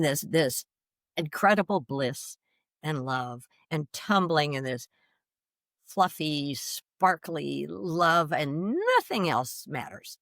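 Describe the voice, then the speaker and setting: A woman guest vividly retelling a personal experience, animated, with restarts and laughs. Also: fairly low pitch, unhurried, no echo, studio quality. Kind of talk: personal storytelling.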